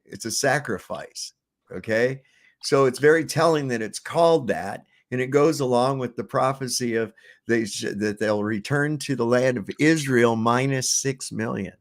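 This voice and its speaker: A man's voice: medium pitch, moderate pace. A man hosting a livestream, reacting to clips with profane, sarcastic commentary and rants. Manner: sarcastic, ranting. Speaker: livestream host.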